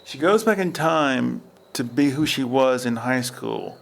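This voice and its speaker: A man hosts a casual podcast outdoors by a river at a state park, rambling through stories about films and acting out quotes from them. His medium-pitched voice is animated and unhurried, with vocal fry.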